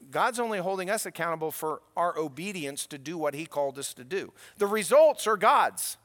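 A man preaching a sermon, emphatic, moving between quiet asides and raised, pointed questions. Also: high voice, long reverb tail. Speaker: pastor.

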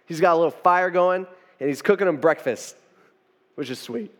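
A man's voice: a little high, moderate pace, fairly bright tone. A young man preaching as a pastor, retelling a story in a loose, conversational way with fillers and restarts. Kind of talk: conversational sermon.

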